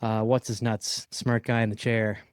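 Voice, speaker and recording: Low-voiced chatty man, dry sound. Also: flat delivery, moderate pace, clear, resonant tone, no room sound. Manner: chatty, rambling, joking. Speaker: podcast co-host. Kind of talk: casual chat. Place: job trailer.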